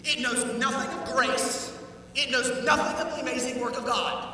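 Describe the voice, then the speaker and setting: High, bright-voiced preaching man in an echoey church. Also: moderate pace, slight background noise. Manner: animated preaching, acts out quoted voices. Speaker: pastor. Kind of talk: sermon. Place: church sanctuary. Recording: echoey church hall, heard from a distance.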